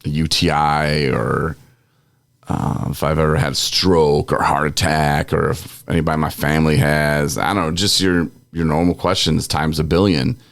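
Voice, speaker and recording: A man's voice: a bass voice, level tone, moderate pace, gravelly, a bit bright, no echo, studio quality. A man co-hosting a podcast, ranting in a worked-up, exasperated way. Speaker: podcast co-host. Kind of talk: casual ranting chat.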